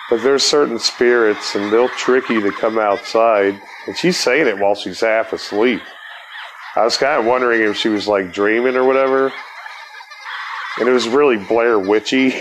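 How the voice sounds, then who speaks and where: Low-voiced profane storytelling man. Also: a little hiss or hum, poor audio. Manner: laid-back, profane, laughs through story. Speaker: podcast host. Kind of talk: rambling storytelling.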